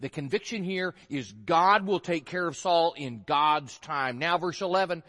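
Male pastor, fairly high voice, lively sermon delivery with acted-out lines, long reverb from a church sanctuary. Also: moderate pace. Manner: animated, acts out voices of the story. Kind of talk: expository sermon reading and explaining scripture.

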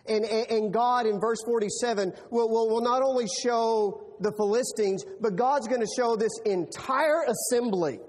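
A man preaching a sermon who tells the story in an animated way, often repeating words as he starts a line. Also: very high-pitched, moderate pace, hardly any pauses. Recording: long reverb of a large hall.

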